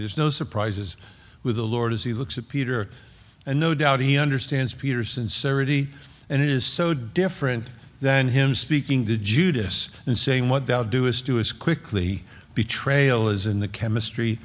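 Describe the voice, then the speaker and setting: A man as pastor, preaching a sermon in an earnest, measured way and repeating key phrases. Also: mid-range voice. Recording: dull lo-fi recording with long hall reverb.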